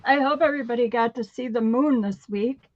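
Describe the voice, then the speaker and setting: Chatty lady rambling on a live stream, a bit high, flat muffled sound. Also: a little fast, no echo. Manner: chatty storyteller with many fillers. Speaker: co-host of a live craft sale stream. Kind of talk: casual chat. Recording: dry, dull lo-fi stream audio.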